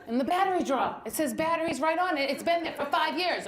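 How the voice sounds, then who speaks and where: High-voiced brassy woman doing stand-up. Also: very animated, fast, few pauses. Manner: brassy, exasperated, mimics her husband. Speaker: stand-up comedian. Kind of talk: stand-up comedy set. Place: live comedy venue with audience. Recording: echoey room with crowd noise.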